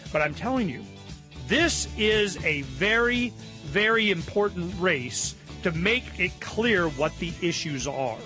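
A man hosting a casual political talk radio show, animated and rambling. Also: sits high, slow, soft background music.

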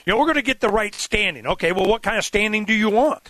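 A man's voice: high voice, expressive, quick pace, bright, forceful tone, no room sound. A man hosting a talk radio show, rambling and irreverent as he argues his point. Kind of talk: casual talk radio conversation.

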